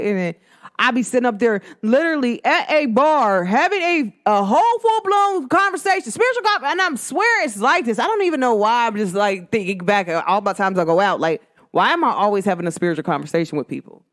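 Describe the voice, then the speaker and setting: A woman, telling a rambling personal story in casual chat, full of fillers and jumping high when she quotes people. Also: a little fast. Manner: chatty, rambling, lots of "like" fillers; animated, swoops high when quoting others.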